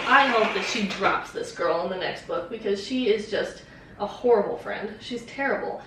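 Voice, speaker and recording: A woman's voice: on the high side, expressive, moderate pace, noisy background. A young woman vlogger chatting casually about a book, rambling and swearing with lots of fillers. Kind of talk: casual chat. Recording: very echoey room, distant mic.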